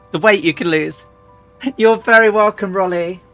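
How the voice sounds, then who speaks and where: A woman streamer chatting casually and rambling as she flies a simulator, often restarting and clearing her throat. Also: mid-range voice, a bit bright. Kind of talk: casual live-stream chat while flying a flight simulator.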